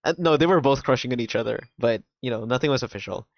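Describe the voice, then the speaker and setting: A man chatting on a stream and retelling a show's plot in a lively, excitable way, cursing freely and leaning on "like". His voice sits at an ordinary middle pitch. The sound is dry and a little dull, as from a modest home mic. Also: fast, no echo. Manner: animated, swears a lot, fills with "like". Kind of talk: casual chat, recapping a drama plot.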